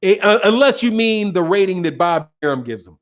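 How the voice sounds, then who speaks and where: High-voiced brash man hosting a stream. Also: animated, fairly quick. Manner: brash, blunt and profane, laughing at his own jokes. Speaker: host of a boxing talk stream. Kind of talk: casual live-stream chat reading viewer comments.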